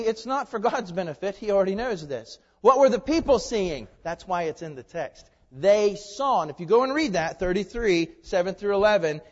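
A man with a high voice preaches a sermon and keeps putting rhetorical questions to his listeners. He swings from loud emphasis to quiet, confiding asides. His voice rings through a hall with long reverb, and the recording sounds dull and lo-fi. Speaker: pastor. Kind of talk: expository sermon.

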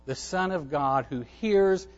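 High-voiced man preaching a sermon. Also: takes it slowly, lo-fi sound. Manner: emphatic preaching, repeats phrases for stress. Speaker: pastor.

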